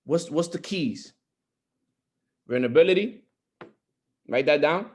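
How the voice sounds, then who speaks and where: A man's voice: fairly high pitch, expressive, a little slow. Earnest man giving a pep talk. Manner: earnest, repetitive, rising to emphatic. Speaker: motivational speaker on a group call. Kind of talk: motivational talk.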